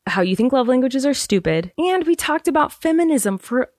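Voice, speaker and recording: A woman's voice: sits high, big pitch swings, normal speed, a little mellow, no room sound. Chatty woman podcast host, dry sound. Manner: chatty, teasing, rambling. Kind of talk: casual chat.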